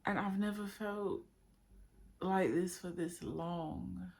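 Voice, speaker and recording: A woman speaking in a heartfelt, unscripted monologue, emotional and halting as she searches for words about her inner journey. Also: on the low side, fairly even intonation, darkish tone. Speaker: spiritual vlogger.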